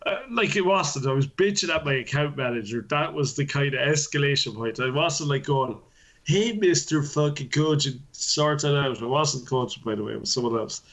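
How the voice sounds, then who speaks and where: A man co-hosting a podcast, telling a story in an animated, profane way and laughing often. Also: mid-range voice, a little fast, few pauses. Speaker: podcast co-host. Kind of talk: casual chat.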